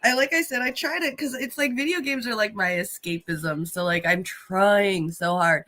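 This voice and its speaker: Woman, live-stream chat, bright tone, frequent laughter, heavy swearing, rambling casual talk. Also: medium pitch, moderate pace. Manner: laughs a lot, swears freely, chatty.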